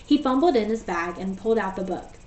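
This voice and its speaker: Teacher reading a storybook aloud, roomy echo. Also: female voice, medium pitch, brisk. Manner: steady, gentle narration. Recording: echoey room, voice far from mic.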